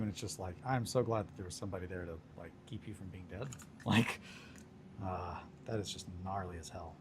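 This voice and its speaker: Young guy on a hobby stream, lowish voice, joking around with chat, faint hiss behind. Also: a little fast. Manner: laid-back, joking, reads chat aloud. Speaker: streamer chatting with viewers while crafting. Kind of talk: casual livestream chat.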